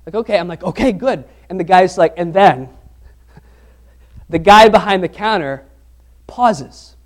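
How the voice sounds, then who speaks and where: A pastor with a high voice preaches at normal speed, telling stories in a conversational, animated way and restarting his sentences. His sermon features a humorous personal anecdote.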